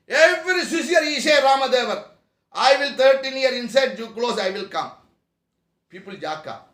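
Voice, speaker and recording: High-voiced man preaching. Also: bright, forceful tone, roomy sound. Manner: broken English, rhetorical questions to the audience. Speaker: spiritual teacher. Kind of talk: spiritual discourse to a class. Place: meeting room.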